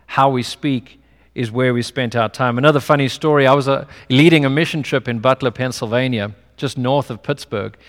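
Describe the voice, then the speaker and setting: Speaking at normal speed with medium pitch, this man delivers a chatty sermon built around his own anecdotes. He's a pastor whose English accent isn't American, and the room adds a long, hall-like reverb.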